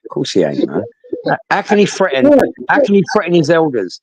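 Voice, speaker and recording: A London man in his fifties chatting casually, rambling and swearing as he tells animated stories. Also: a little high, a little fast, breathy edge, no room sound, poor audio. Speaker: talker recounting stories. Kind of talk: casual chat.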